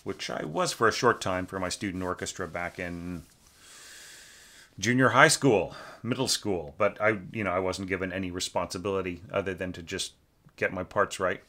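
Guy teacher going through a student's orchestration, lots of ums, sings the parts, kinda low but bright. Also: normal speed. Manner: rambling with many fillers, sings out rhythms. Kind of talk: casual score critique.

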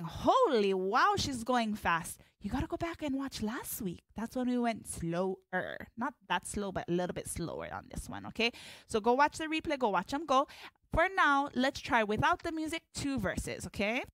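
A woman's voice: a little high, very animated, normal speed, a bit bright, no room sound, clean studio sound. A woman teaching a hula class live. She calls out the moves and mixes Hawaiian words into her English instructions in an upbeat way.

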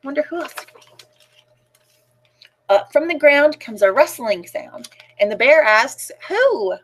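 Woman, children's librarian, storytime read-aloud, sing-song, high pitch, very lively. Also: measured pace.

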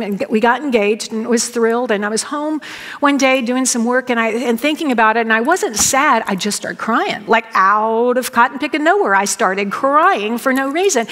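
A woman gives a sermon in a slightly high voice, folksy and emphatic as she speaks directly to the congregation. Her voice rings out with a long reverb across a large hall. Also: a bit bright. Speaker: Bible teacher, guest speaker.

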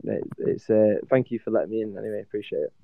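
A gravelly-voiced man from the UK joins a casual chat as a guest, stammering at the starts of his sentences and laughing often. The sound is dry and dull. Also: lowish voice, steady tone, fast, no room sound.

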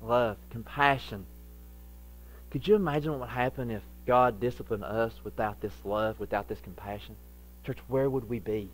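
A middle-aged male pastor preaching a sermon, lively and acting out the voices he quotes. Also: mid-range voice, moderate pace, slight background noise, rough recording. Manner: animated, acts out quoted voices.

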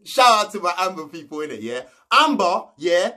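Young man, high voice; casual brash recap vlogger, slangy and sweary. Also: big pitch swings, moderate pace, sharp tone. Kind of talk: casual episode recap commentary.

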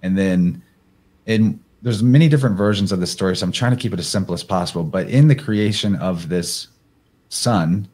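Low-voiced man rambling through slides. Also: darkish tone. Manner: rambling, thinks aloud with fillers; reads passages aloud from slides. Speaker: podcast guest presenter. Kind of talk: casual slide presentation.

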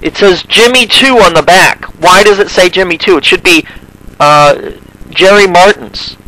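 A man's voice: high-pitched, a little slow, sharp tone, no echo. A man making a prank phone call, stammering through his words with feigned polite suspicion. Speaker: prank caller.

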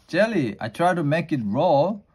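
A man voicing a simple-hearted, literal-minded housemaid in a homey, folksy drawl, a little above his usual pitch. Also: sing-song, unhurried, a little mellow, husky, full character voice.

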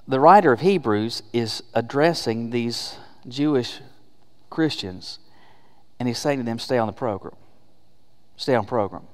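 A man's voice: medium pitch, darkish tone, long reverb tail. A man preaching a sermon as pastor, emphatic and conversational, asking rhetorical questions. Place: church sanctuary.

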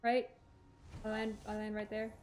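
A woman's voice: medium pitch, monotone, normal speed, darkish tone. A woman streaming a video game, giving casual gameplay commentary and talking to herself, swearing when things go wrong.

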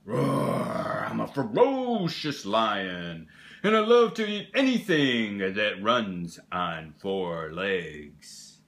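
A ferocious storybook lion, acted by an older man, roaring out its lines loud and slow with a bright, forceful edge. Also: on the low side, very animated, heavily acted. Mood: menacing.

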